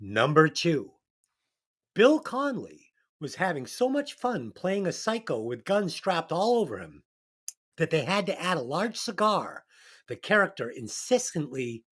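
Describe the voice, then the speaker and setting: Jokey podcast host reading trivia. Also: male voice, a little high, very animated, unhurried, a bit bright, breathy edge. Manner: loose, jokey, stumbles through his own reading. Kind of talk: casual movie-review podcast chat.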